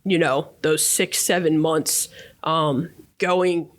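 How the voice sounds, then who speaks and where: A man in his thirties with a fairly high speaking voice shares his story as a podcast guest. He talks in a casual, reflective way, with lots of small fillers and tag questions. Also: fairly even intonation, slow. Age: 30s.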